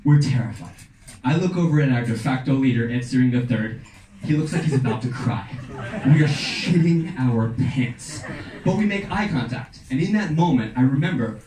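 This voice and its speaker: A man's voice: mid-range voice, fairly quick, mellow, far from the mic. A young man telling a story on stage with a punchy, dramatic delivery. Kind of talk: live storytelling performance. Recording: echoey room, voice off-mic, faint noise.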